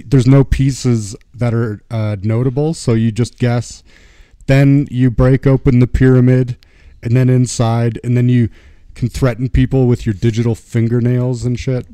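A man's voice: mid-range voice, dark tone, clear, resonant tone, no echo. A man joking sarcastically and crudely while chatting about a movie. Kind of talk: casual movie chat.

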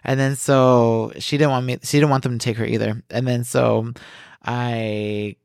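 Animated swearing male podcast co-host. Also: medium pitch, unhurried, vocal fry, clean tone, dry recording, clean studio sound. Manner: animated, swears a lot, acts out quotes loudly. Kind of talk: casual chat, reading news and storytelling.

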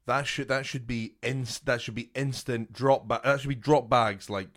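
A man in his thirties co-hosting a podcast, excitable and sweary, stressing his words hard. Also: mid-range voice, moderate pace. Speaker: podcast co-host. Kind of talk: casual comedic banter.

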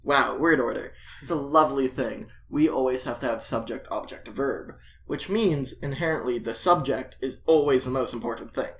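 A man of middle pitch talks through ideas in a relaxed chat. He lectures a little and fills his sentences with "like" and "uh." Faint ambient noise sits behind him. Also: normal speed. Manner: explanatory, lecturing, with many filler words. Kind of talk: casual discussion.

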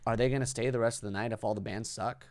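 Guy hosting a podcast, blunt n sweary, smooth low voice, dry sound. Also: steady tone, fast talker, dry recording. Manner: blunt, profane, to the point. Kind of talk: casual chat.

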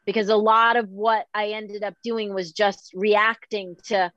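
A middle-aged woman from Boston, a guest talking candidly in an animated, self-deprecating way and often quoting herself. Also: mid-range voice, a little slow, no room sound, highs cut off. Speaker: podcast guest. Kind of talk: candid conversational chat.

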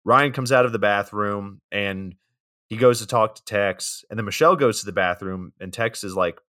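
A young man with a lowish, bright-edged voice recapping a film for a podcast. He summarizes in a laid-back way, with frequent fillers and wry asides. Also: moderate pace. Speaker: podcast co-host recapping the plot. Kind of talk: casual movie recap.

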